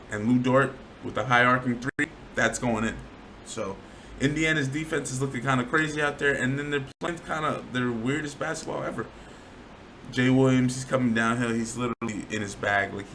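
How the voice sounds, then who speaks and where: A man giving a casual, slangy breakdown of game highlights, often getting worked up over bad plays. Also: fairly bright tone, a little hiss or hum, poor audio. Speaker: sports commentator.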